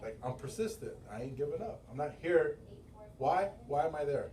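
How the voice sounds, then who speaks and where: Middle-aged male sales boss, loud storyteller, room echo, mic off at a distance. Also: on the high side, moderate pace, a little hiss or hum. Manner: animated storytelling, acting out quotes; loose, profane, laughing often. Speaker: sales manager and business owner. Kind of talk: motivational team meeting talk. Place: meeting room. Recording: roomy, from far off the mic.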